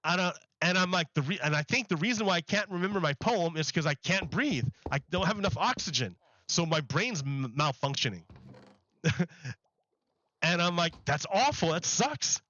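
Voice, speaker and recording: A man on a gaming livestream with a fairly high, bright and forceful voice. He rambles loosely, stacking "like" between his thoughts. The stream audio sounds dull and lo-fi. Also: expressive, normal speed, no room sound. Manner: rambling, heavy use of "like". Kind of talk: casual livestream chat while gaming.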